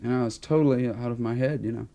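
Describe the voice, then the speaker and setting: Gravelly, mellow-voiced man reminiscing. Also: medium pitch, steady tone, fast. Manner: candid, self-mocking storytelling. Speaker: interviewed singer. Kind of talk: archive interview reminiscence.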